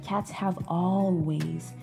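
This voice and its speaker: Blunt, profane woman with a low voice. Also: extremely slow, gravelly. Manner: blunt, profane, animated storytelling. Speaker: vlogger. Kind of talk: casual monologue. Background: background music.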